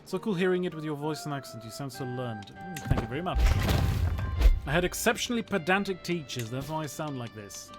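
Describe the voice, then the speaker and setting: Over loud background music, a man in his thirties from Portugal provides casual game commentary while streaming a strategy game, talking articulately with his audience. A historian and native Portuguese speaker with British-sounding English, he sounds a little high, animated, and fairly quick.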